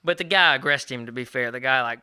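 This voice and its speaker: A man, telling stories fast and acting out the quotes in a casual podcast chat. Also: mid-range voice, clean tone, no room sound, clean studio sound. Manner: fast, animated storyteller, acts out quotes. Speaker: podcast co-host.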